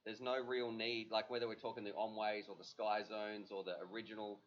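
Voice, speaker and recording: A man's voice: fairly low pitch, flat delivery, brisk. A man hosting a livestream, chatting casually and rambling with plenty of fillers. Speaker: livestream host. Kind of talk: casual chat. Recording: dull lo-fi livestream audio.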